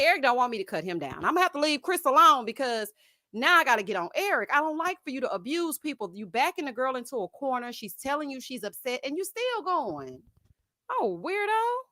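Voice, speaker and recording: A woman's voice: fairly high pitch, no echo, clean studio sound. A woman hosting a live stream, chatting casually and sassily with her viewers, calling them honey and laughing at her own jokes. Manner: sassy and expressive, addressing viewers as honey and y'all. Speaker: host of a live reality-TV review stream.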